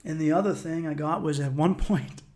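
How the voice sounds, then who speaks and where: A man's voice: fairly high pitch, moderate pace, dark tone. A man hosting a solo podcast, talking in a rambling, reflective and profane way. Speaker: podcast host. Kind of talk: casual solo podcast monologue.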